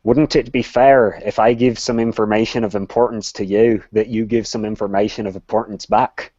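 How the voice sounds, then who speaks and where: A man's voice: lowish voice, fairly even intonation, normal speed, dark tone, no room sound, highs cut off, lightly acted. A man voicing a courteous, scheming male envoy who speaks persuasively and often ends sentences with a question.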